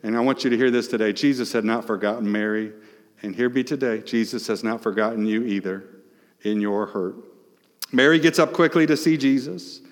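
A male pastor preaching a sermon, asking the congregation questions, emphatic and shifting between loud and hushed. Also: mid-range voice, a little fast, long reverb tail.

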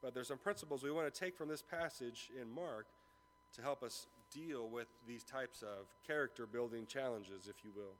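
A man's voice: medium pitch, moderate pace, fairly bright tone, a little hiss or hum. A man giving a sermon as a pastor, telling a story with acted-out dialogue before turning to scripture. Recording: long reverb of a large room.

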